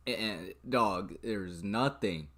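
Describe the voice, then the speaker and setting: A young man from Arizona talks through stock trades on a livestream in a loose, profane, chatty way. He speaks slowly and sits a little low in pitch, often breaking off to laugh. The delivery is relaxed and unscripted. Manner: casual, profane, laughing asides. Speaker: stock trading streamer. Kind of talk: live trading commentary.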